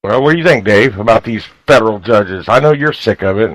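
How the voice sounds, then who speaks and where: A man's voice: fairly low pitch, expressive, brisk, fairly bright tone, no echo, rough recording. A man hosting a talk radio show, folksy and fired up, with a lot of filler words. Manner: folksy, fired-up, keeps saying "you guys".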